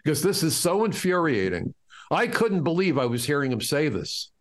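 A man's voice: fairly high pitch, big pitch swings, moderate pace. A middle-aged man from the United States, a guest in an interview, telling stories from his life in an impassioned, indignant way. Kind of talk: storytelling in an interview.

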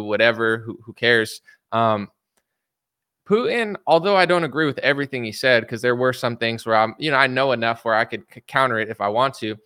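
A man's voice: medium pitch, bright, forceful tone, clear, resonant tone, dry recording, studio quality. A man commenting in an opinionated, rambling vlog style, often adding filler words and mocking the voices of media and politicians. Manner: rambling, opinionated, frequent "like" and "you know".

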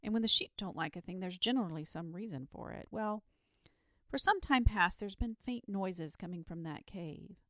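A woman's voice: medium pitch, animated, normal speed, fairly bright tone, no echo, studio quality, lightly acted. A woman voicing a frightened middle-aged male shepherd who speaks in agitated, rustic country talk.

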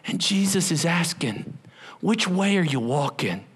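A man's voice: on the high side, sing-song, measured pace, a bit bright, slightly rough. A middle-aged male pastor preaching a sermon, telling the story with acted-out voices and sudden drops to a whisper.

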